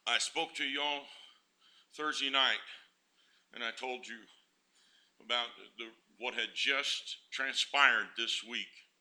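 Bright-voiced preacher man. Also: medium pitch, fairly even intonation, slow, long pauses, roomy sound. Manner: builds from quiet musing to loud fervent preaching. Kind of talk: sermon.

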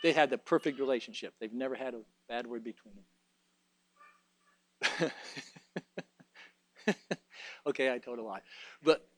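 A man's voice: medium pitch, unhurried, pauses often, pushed and bright, no echo. A man preaching a sermon in a folksy way, mixing joking asides with fervent, emphatic exhortation.

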